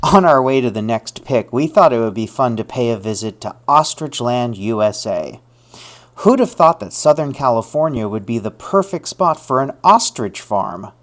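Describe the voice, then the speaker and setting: A man's voice: medium pitch, lively intonation, moderate pace, a bit bright. A man reading a scripted voice-over for a travel show, sharing light trivia. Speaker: show narrator.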